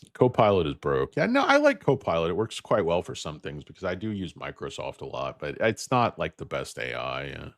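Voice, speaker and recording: A man's voice: extremely low pitch, dry recording, clean studio sound. A man in his fifties hosting a stock livestream, rambling and joking off on tangents; he sounds tired and as if he is losing his voice. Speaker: host.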